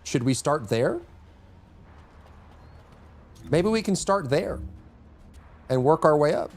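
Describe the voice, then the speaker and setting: Lively, jokey male livestreamer. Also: fairly high pitch, a little slow. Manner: rambling and jokey, chatting with teammates. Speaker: livestreamer and gamer. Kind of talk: casual live-stream chat while gaming.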